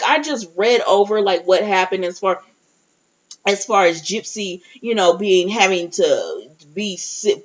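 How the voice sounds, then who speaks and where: A chatty woman recaps a TV episode straight to her viewers in a casual review, her fairly bright voice swinging widely in pitch. She keeps restarting her sentences, and the audio is dull and lo-fi.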